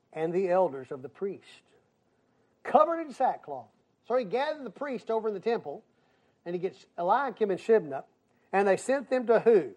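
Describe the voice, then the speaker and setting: An older man preaching a sermon as pastor, emphatic, dropping into quiet asides and rising to loud bursts. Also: high voice. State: crying.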